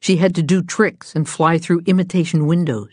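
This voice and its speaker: A woman reading a storybook aloud in a gentle, even storytelling manner. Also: lowish voice, normal speed, no echo, clean studio sound. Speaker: narrator.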